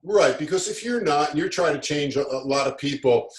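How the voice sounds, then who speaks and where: A man's voice: a little high, expressive, a little fast. A middle-aged man telling stories in a casual interview, upbeat and motivational, restarting his sentences often. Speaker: guest, business author. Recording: roomy echo.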